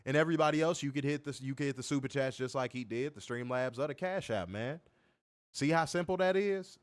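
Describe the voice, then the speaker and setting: A young man co-hosting a wrestling review livestream, reading chat comments and trash-talking in a profane, animated way. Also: mid-range voice, a little fast, no room sound. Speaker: wrestling podcast co-host.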